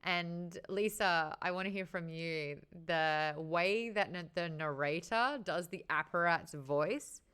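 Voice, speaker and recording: A woman hosting a casual book discussion, chatty and animated, swearing freely and laughing often. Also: on the low side, clean tone. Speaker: host.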